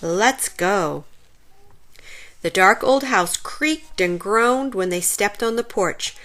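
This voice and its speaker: A woman reading a children's storybook aloud in an expressive, animated way. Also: mid-range voice, slow.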